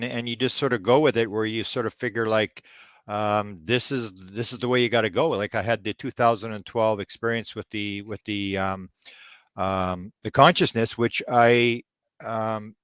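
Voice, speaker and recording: An older man from Canada tells long stories as an interview guest, his delivery halting with fillers and restarts. He breaks into high, incredulous bursts when he recounts his own surprise. The sound is dry and close, with no room around it. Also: no echo. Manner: animated storyteller, acts out his own disbelief in high bursts. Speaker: guest ufology researcher. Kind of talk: storytelling in a podcast interview.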